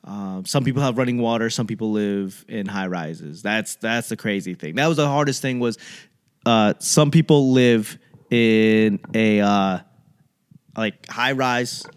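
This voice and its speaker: Rambling comedian. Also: male voice, lowish voice, a little slow, clear, resonant tone. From Boston. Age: young adult. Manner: digressive, joking, puts on mocking voices. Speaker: comedian podcast host.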